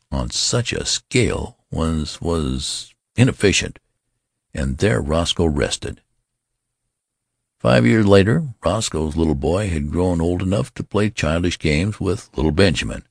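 Deep, gravelly male narrator, lively delivery, dry close sound. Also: no room sound. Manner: expressive storytelling. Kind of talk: scripted audiobook narration.

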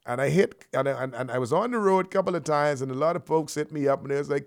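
A man hosting a radio show, talking in loose, slangy, joking patter full of shout-outs. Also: on the high side, quick pace, hardly any pauses, clear, resonant tone, no echo, studio quality. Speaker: radio host.

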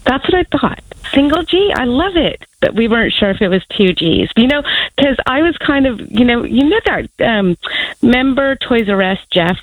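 A woman co-hosting radio with bubbly, halting questions. Her voice sits fairly high and bounces around a lot. The sound is dry and close. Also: animated, no echo, rough recording. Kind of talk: comedic radio banter.

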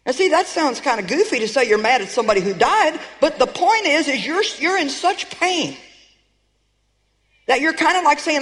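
A woman's voice: high voice, lively intonation, fairly quick. A woman preacher delivering a sermon, emphatic and calling on her audience to respond. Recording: long reverb of a large hall.

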